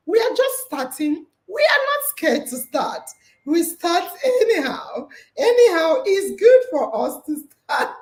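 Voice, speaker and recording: Bubbly high-voiced woman who laughs often. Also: darkish tone, reverberant. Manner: bubbly, laughs often, talks to listeners as family. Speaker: podcast host. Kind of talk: casual live-stream chat.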